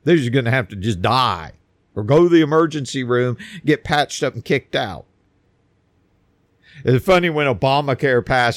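A man's voice: medium pitch, moderate pace, no echo, clean studio sound. A man delivering an emphatic opinion monologue, often repeating words as he builds his points.

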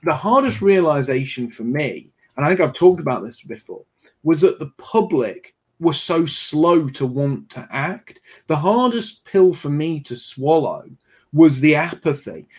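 A man's voice: a little high, sing-song, measured pace. A man hosting a livestream who reads out viewer donations, thanks donors, and tells stories in a chatty way. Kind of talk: casual livestream chat.

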